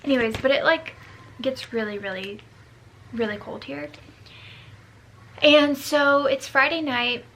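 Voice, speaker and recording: Bright-voiced young woman vlogging casually. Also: sits high, steady tone, measured pace, pauses often, a little hiss or hum. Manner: rambling, scattered, self-mocking asides. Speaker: book vlogger. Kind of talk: casual reading vlog chat.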